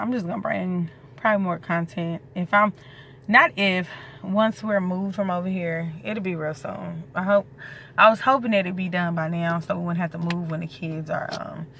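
A woman's voice: fairly low pitch, creaky, a bit bright, a little hiss or hum. A pregnant young woman, talking casually to her viewers in a loose, rambling way and swearing freely. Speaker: vlogger. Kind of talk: casual chat to camera.

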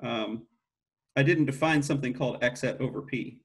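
A man's voice: mid-range voice, normal speed. A middle-aged man giving an academic mathematics lecture, thinking aloud with frequent restarts and self-corrections.

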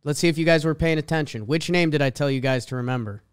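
A man with a Boston accent and a clean, high-leaning voice co-hosts a casual sports podcast at a quick pace. He delivers stat lines with emphatic swings.

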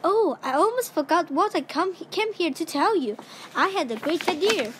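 A woman's voice: very high-pitched, expressive, moderate pace, noisy background, pitched above the performer's own voice. A woman voicing a bossy, impatient old male mouse grandfather who thunders and scolds in a storybook reading. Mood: boastful.

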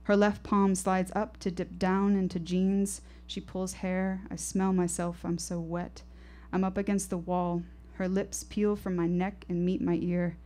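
A woman with a somewhat low voice telling a first-person story on a live stage. Her delivery is intense, poetic and rhythmic, landing each phrase deliberately. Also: little pitch movement, dark tone.

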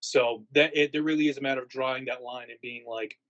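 A man's voice: medium pitch, steady tone, fairly quick, a bit bright, muffled recording. A man answering interview questions in a casual, rambling way, full of fillers and restarts. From United States. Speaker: haunt actor guest.

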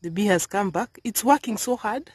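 A woman filming her vegetable garden outdoors, talking softly in a half-whisper as she narrates. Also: mid-range voice, expressive, moderate pace, background noise. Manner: soft, half-whispered, coaxing. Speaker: gardening vlogger.

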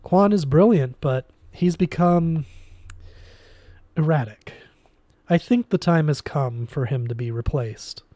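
A man voicing a calm, calculating male alien businessman who speaks in a measured way. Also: fairly high pitch, no echo. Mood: sly. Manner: measured and composed. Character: calm, cunning male alien arms dealer.

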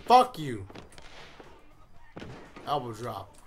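A young man giving live gameplay commentary, cursing and breaking into loud, frustrated outbursts. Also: mid-range voice, wildly swooping pitch, extremely slow, faint music behind. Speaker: gaming commentator.

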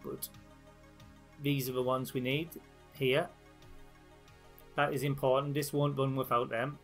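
A man from northeast England with a broad northeast English accent, talking through a software tutorial for his channel in a chatty, informal way. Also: medium pitch, level tone, measured pace, soft background music. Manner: chatty and informal, with fillers and restarts. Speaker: YouTube channel host. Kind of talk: screen-recorded tutorial walkthrough.

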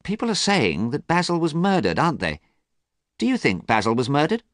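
A man voicing a young gentleman in a storybook reading, earnest and pleading, in a raised voice. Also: on the high side, wildly swooping pitch, fairly quick, dry recording, studio quality, pitched above the performer's own voice. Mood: probing. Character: young gentleman, anxious and eager to be good.

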